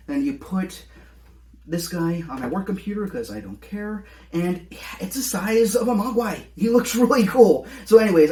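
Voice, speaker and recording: An excitable reviewer chats through an unboxing at home, gushing and rambling into asides. The voice is a bit husky, and the pitch bounces all over with enthusiasm. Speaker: collectibles reviewer. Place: home apartment.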